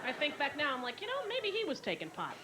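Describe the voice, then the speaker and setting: A woman's voice: sits high, wildly swooping pitch, quick pace, over loud music, over a noisy crowd. A woman in her thirties doing a stand-up comedy routine before a live audience, brashly telling family stories and acting out her relatives. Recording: noisy VHS tape, loud audience laughter. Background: audience laughter.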